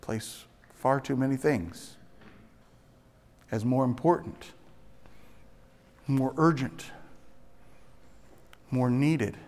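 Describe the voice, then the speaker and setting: A man preaching a sermon. He swings from hushed, low phrases to loud, emphatic ones and stretches out key words slowly. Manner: dramatic swings between soft and loud, slow emphatic phrasing. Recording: long reverb of a large hall.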